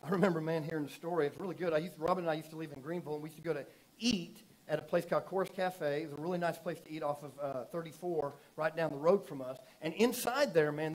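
A man preaching a sermon in a church, telling stories casually and building from soft asides to loud emphatic preaching. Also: on the high side, rough recording. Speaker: pastor.

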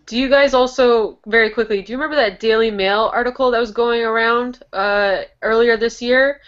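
A woman's voice: fairly high pitch, steady tone, moderate pace, muffled recording. A woman chatting on a video call from her bedroom, joking and laughing easily. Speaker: book club member. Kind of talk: casual video-call chat.

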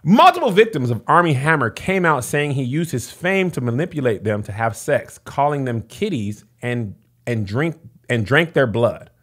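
A man hosting a comedy podcast, reading messages aloud in an animated, joking way. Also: medium pitch, moderate pace, breathy edge. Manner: animated, reads messages aloud with acted voices. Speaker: podcast host.

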